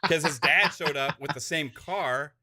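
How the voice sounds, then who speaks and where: A man's voice: fairly high pitch, a little slow, crowd noise. A man telling a long story in a casual podcast chat, full of fillers and asides. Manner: animated storyteller, many fillers. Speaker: podcast co-host.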